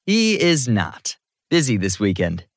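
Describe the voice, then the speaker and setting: A man's voice: medium pitch, huge pitch swings, unhurried, no room sound, studio quality. A man doing a cheerful playful young guy. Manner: cheerful, chatty.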